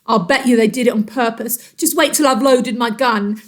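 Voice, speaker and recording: A woman voicing a grumpy, nasty old man in a storybook, yelling and blustering. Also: a little high, moderate pace, natural voice. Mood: angry.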